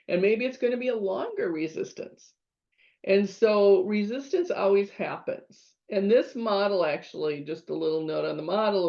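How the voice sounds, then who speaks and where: A middle-aged woman instructor talks through a lesson in a chatty way, acting out her own thoughts as she goes. Her voice has a gravelly edge. The recording sounds a little dull and lo-fi. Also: fairly low pitch. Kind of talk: lecture with personal story. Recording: slightly dull lo-fi audio.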